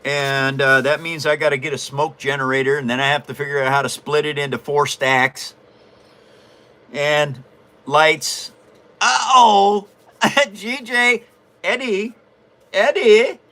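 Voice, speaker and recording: A man's voice: medium pitch, level tone, normal speed, pushed and bright, clean tone. A man hosting a live stream, chatting casually while he works on a paper model and answers viewers. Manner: chatty, explains while building, self-amused. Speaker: host and paper model builder.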